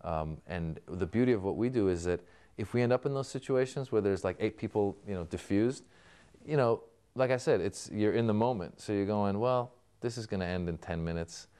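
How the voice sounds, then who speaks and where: Smooth-voiced man, a comedian interviewed. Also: lowish voice, fairly quick, warm tone. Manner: storytelling, acting out remembered exchanges. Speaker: comedian guest. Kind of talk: interview answers.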